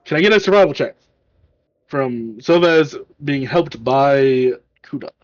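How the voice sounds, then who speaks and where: A man narrating a tabletop game as game master, in a casual, halting way with restarts. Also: medium pitch, animated, no room sound, highs cut off.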